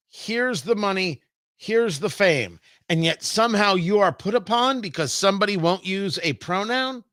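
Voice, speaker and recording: A man's voice: sits high, bright, forceful tone, no echo, studio quality. A man hosting a political talk show, talking in a combative, emphatic way.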